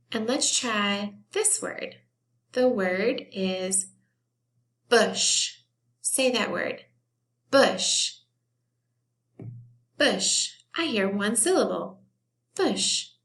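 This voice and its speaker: A woman's voice: medium pitch, fairly bright tone. A woman teacher giving a recorded phonics lesson for young children, patiently sounding out and clapping word syllables and praising often. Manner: slow, patient, encouraging, claps and stretches out words.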